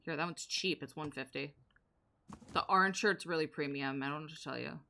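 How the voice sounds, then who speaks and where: A woman's voice: low-pitched, fairly quick, sharp tone, slight background noise. A young woman streamer giving casual, sarcastic live commentary as she plays a game and banters with her chat.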